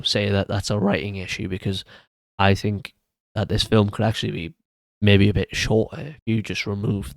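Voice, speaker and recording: A man reviews films in a loose, unscripted way, often stumbling and restarting his sentences. His voice sits fairly low. The sound is dry and close, with no room around it. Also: dry recording. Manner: hesitant, many restarts and fillers. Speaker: film reviewer. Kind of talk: casual solo video commentary.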